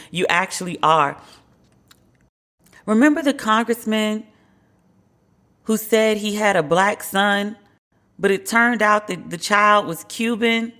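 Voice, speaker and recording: A woman's voice: lowish voice, a bit bright. A woman hosts her own podcast, chatting through the week's news on her own. She is candid and wry, tossing in playful quoted asides as she goes. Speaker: podcast host. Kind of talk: casual solo commentary.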